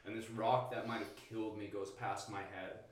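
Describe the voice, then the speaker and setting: A man's voice: on the low side, steady tone, normal speed. A man who is a guest on a podcast, telling a story casually, swearing a lot and saying "like" often. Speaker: podcast guest, stand-up comedian. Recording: echoey room, distant mic.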